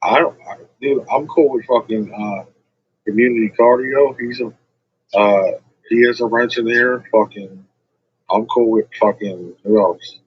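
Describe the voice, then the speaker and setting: A man's voice: mid-range voice, fairly even intonation, measured pace, slightly rough, highs cut off. A man ranting to his livestream chat in a rambling, combative way, swearing constantly.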